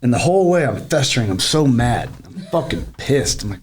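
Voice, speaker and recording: A man telling his story on a podcast, animated and swearing freely, with a mid-range voice. Faint noise and clicks sit under his voice. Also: mid-range voice, fast talker. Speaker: podcast co-host. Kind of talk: casual storytelling chat.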